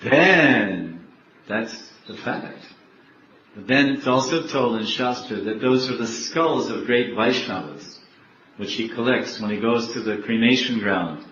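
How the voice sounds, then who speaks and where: A monk giving a sermon, telling a story with lively questions to the audience and acting out its characters. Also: male voice, mid-range voice, unhurried, a little hiss or hum. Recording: echoey, dull room recording.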